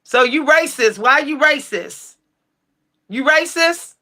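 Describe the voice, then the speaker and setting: A woman hosting her own livestream channel, ranting sassily and bluntly at her chat, swearing freely and breaking into shouts. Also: high voice, expressive, takes it slowly. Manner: sassy, blunt, profane, shouts at times. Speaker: livestream tarot channel host. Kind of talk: heated livestream rant answering chat.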